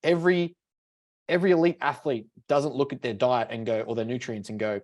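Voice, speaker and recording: A man talks quickly, cursing casually as he tells animated stories on a podcast. His pitch sits in an ordinary middle range for a man. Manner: swears freely, animated storytelling. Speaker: podcast co-host.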